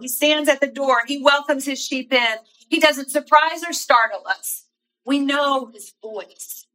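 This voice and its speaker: A woman giving a devotional talk in an earnest, personal storytelling way with soft asides. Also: high-pitched, rough recording. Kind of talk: sermon.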